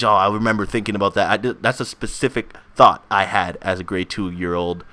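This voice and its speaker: A man's voice: on the low side, brisk, few pauses, sharp tone. A young man telling a childhood story to camera in a rambling, casual way, laughing often and restarting his sentences. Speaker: gaming channel host.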